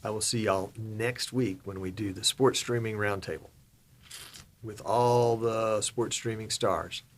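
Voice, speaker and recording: A man's voice: lowish voice, fairly even intonation, unhurried, a little hiss or hum. A middle-aged man from Virginia hosting a livestream, chatting casually and reading viewer comments in a folksy way. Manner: folksy, chatty, reads comments aloud and laughs. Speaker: livestream host.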